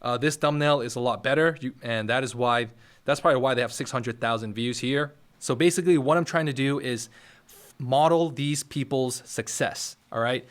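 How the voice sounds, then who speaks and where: Young male host, casual tutorial delivery, direct coaching tone, mid-pitched voice, speaking from his office. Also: normal speed. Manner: coaching, direct, repeats "all right?". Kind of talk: casual how-to talk to camera. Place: office next to a firehouse.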